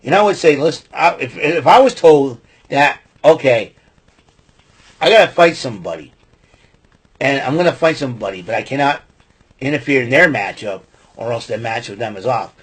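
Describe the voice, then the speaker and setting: A man with a husky, breathy voice talks through a wrestling broadcast in casual podcast style. He rambles, piles up fillers and gives his opinions freely. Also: medium pitch, expressive, moderate pace, pauses often. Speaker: podcast host. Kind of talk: casual wrestling show recap.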